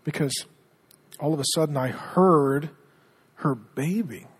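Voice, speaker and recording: Husky middle-aged male pastor; earnest sermon delivery with hushed storytelling. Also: on the high side, takes it slowly. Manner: earnest, drops to a hushed tone when telling stories.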